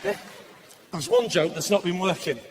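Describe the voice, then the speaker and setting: Man, stand-up comedian, high-pitched, sweary banter, live theatre, crowd and noise. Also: normal speed. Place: large theatre on stage.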